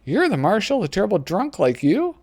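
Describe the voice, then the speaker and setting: A man putting on a prim, high little girl. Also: wildly swooping pitch, a little fast, a little mellow, heavily acted. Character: prim young girl addressing a marshal.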